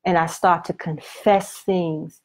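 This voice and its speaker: A woman's voice: lowish voice, steady tone, slow, a little mellow. A woman teaching on the Bible in a preaching video, speaking in a colloquial and emphatic way. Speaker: Christian author and Bible teacher.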